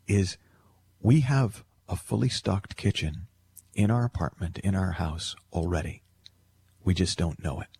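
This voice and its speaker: A man hosting a radio call-in show, talking earnestly and reflectively and slowing down for emphasis. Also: sits low, a little mellow, husky. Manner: earnest, storytelling, slows for emphasis. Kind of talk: reflective radio talk on love.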